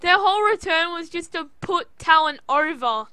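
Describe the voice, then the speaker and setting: Excitable Australian woman, high bright voice. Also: moderate pace, no echo. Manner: excitable, rambling, cursing, with sudden loud outbursts. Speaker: wrestling show reviewer. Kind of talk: casual recap commentary.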